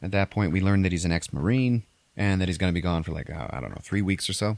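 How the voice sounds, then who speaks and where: A man hosts a podcast, retelling a movie plot in loose, profane chat and briefly acting out characters in exaggerated high voices. His voice sits low. The sound is dry and close, with no room around it. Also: lively intonation, fast, creaky, no room sound. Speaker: podcast host recapping a movie. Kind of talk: casual chat.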